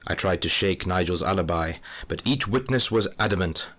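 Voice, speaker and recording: Narrating a comic mystery audio drama, a man plays a dry, melodramatic, hard-boiled Scotland Yard inspector of middle age, with a wry mood. His voice sits low, with a fairly bright tone and a moderate pace.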